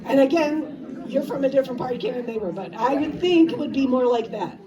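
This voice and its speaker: A woman leading a choir rehearsal, talking briskly and chattily and laughing easily between run-throughs. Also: high-pitched, expressive, a crowd in the background. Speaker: choir director. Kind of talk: rehearsal instruction. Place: rehearsal hall with a large choir. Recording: distant mic, loud choir and guitar behind. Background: choir singing and guitar.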